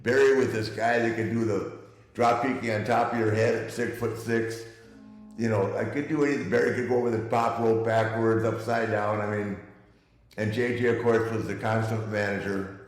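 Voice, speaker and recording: A man's voice: fairly low pitch, fairly even intonation, normal speed, faint music behind. An older man telling stories as an interview guest, chuckling and rambling as he restarts his sentences. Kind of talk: casual interview storytelling. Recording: echoey room.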